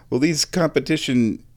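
A man's voice: a little high, darkish tone. A man chatting casually to viewers, thinking aloud and searching for words as he rambles from topic to topic. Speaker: vlogger. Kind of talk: casual rambling chat while watching sport.

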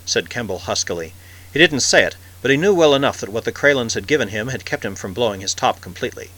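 A man narrating a science-fiction story in a measured, expressive reading. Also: mid-range voice, poor audio. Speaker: audiobook narrator.

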